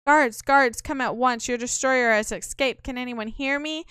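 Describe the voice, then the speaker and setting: A woman's voice: a little high, normal speed, fairly bright tone, clear, resonant tone, dry recording, clean studio sound, natural voice. A woman reading aloud the lines of a stern, self-righteous young male knight in a game, speaking in an indignant, accusing way.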